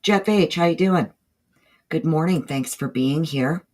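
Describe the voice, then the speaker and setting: Low, a bit slow, and somewhat mellow, this woman's voice carries a Southern drawl, though she hails from the northeastern United States. She runs a laid-back livestream, chatting away and calling out viewers by name in between her thoughts.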